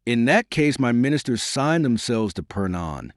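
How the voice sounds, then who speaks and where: A man's voice: medium pitch, very animated, normal speed, no echo, clean studio sound, close to an everyday voice. A man voicing an angry, haughty queen who speaks with cold sarcasm in an audiobook reading. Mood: scornful.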